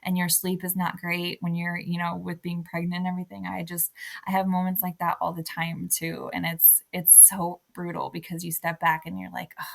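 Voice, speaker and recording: A young woman with a low, gravelly voice talks in an even, flat tone as a podcast guest. She sounds earnest and reflective. Her speech is casual and conversational. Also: moderate pace. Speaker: author guest.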